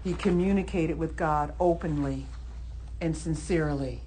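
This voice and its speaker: A woman preacher giving a Sunday sermon, emphatic, acting out heated prayers and then settling into calm teaching. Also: on the low side, a little slow, slight background noise. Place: church service.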